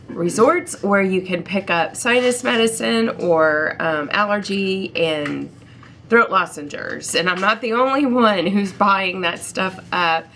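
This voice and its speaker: Stuffy middle-aged woman rambling to her vlog cam, lots of ums, kinda gravelly. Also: medium pitch, a bit bright, slight background noise. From Ohio, United States. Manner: chatty, rambling, frequent ums. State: stuffy-nosed from allergies. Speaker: vlogger. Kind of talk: casual vlog chat to camera.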